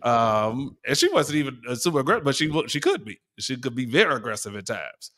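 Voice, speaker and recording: A man's voice: mid-range voice, big pitch swings, a little fast, crowd noise. A man co-hosting a podcast in casual chat, laughing often and playfully mimicking voices. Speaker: podcast co-host.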